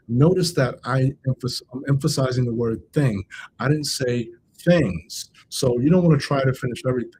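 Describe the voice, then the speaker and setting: A man gives a motivational talk as a coach on a livestream, in a mid-range voice. He speaks conversationally, circling back to restate each point and calling out to viewers in the chat. A faint low rumble sits behind him. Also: normal speed, a little mellow, low-quality recording. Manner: addresses live chat viewers directly.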